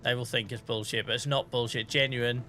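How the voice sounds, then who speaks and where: Here a man in his thirties talks at medium pitch, steady, brisk, and sharp-toned, over a little hiss or hum. Playing a farming game on stream, he keeps up chatty stories laced with swearing and frequent laughter.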